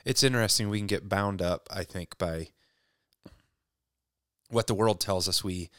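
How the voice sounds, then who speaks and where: A man talking about faith in a casual conversation, reflective and halting, often restarting his sentences. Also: low-pitched, a bit bright, clear, resonant tone, no echo, studio quality.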